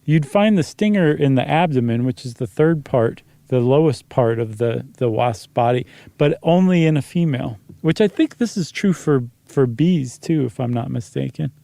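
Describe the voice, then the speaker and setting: A man's voice: medium pitch, lively intonation, moderate pace, gravelly, dark tone, no room sound. A man co-hosting a podcast in a casual, rambling conversational way with fillers. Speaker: podcast co-host. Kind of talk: casual chat.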